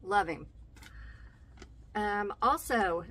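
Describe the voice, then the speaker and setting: A middle-aged woman with a drawl chats casually to her viewers. She speaks slowly, pausing often on "um" and repeating phrases as she goes. A faint hum sits under her voice. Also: medium pitch, a bit bright. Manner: hesitant, frequent ums, repeats phrases. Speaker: vlogger. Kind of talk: casual vlog talk recommending podcasts.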